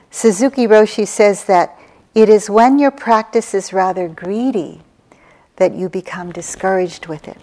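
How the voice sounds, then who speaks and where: A woman meditation teacher giving a dharma talk, slow and reflective, with soft pauses and restarts. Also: lowish voice. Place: meditation retreat hall.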